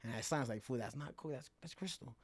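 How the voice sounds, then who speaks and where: Man, podcast guest, middle pitch, swears freely, acts out scenes with slang, dry close mic. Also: fast, dry recording. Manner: profane, animated storytelling with acted-out quotes and slang. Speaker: guest fighter. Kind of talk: casual storytelling in a podcast interview.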